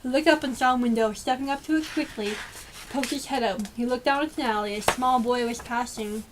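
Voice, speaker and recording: A woman reading a children's storybook aloud with lively, expressive storytelling. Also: a little high, a little fast, a little hiss or hum. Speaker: storybook reader.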